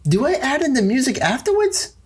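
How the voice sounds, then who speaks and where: This is a podcast co-host with a husky voice, reacting with strong exclamations in casual chat. The pitch swings widely as the reactions come. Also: very animated, a little fast.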